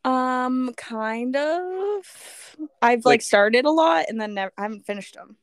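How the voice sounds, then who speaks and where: A woman's voice: high-pitched, lively intonation, slow pace, no echo, studio quality. A woman co-hosting a casual podcast chat, easygoing and self-deprecating, with frequent giggles. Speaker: podcast co-host.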